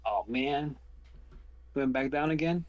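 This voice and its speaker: A man guesting on a stream, chatting in an easygoing way with halting restarts. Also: medium pitch, darkish tone, lo-fi sound. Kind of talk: casual stream chat.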